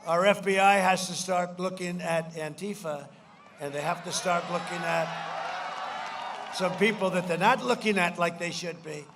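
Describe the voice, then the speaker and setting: High-voiced man shouting through a rally speech. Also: moderate pace, heavy background noise. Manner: rambling, repetitive, swings into shouted punchlines; mocking mimicry of opponents. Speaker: politician addressing a rally. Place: large political rally.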